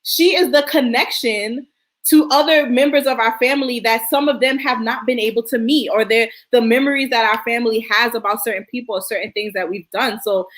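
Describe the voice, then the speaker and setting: A woman's voice: fairly high pitch, fairly even intonation, fairly quick, fairly bright tone. A woman speaking earnestly and reflectively on a casual panel discussion, with frequent "like" and "you know". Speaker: panel host.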